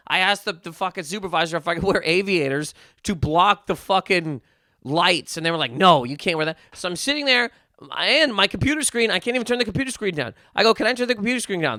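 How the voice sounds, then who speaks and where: A man's voice: high voice, pushed and bright, dry recording, clean studio sound. A man hosting a podcast, delivering a heated, profane comedic rant full of restarts and repeated words. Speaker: podcast host.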